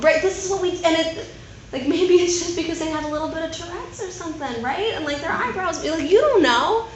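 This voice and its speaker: A woman preaching to a gathering of Christian women in a chatty, animated way, often checking in with "right?". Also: very high voice, fairly quick. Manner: conversational, animated, keeps asking "right?". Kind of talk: sermon. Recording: echoey room, faint noise.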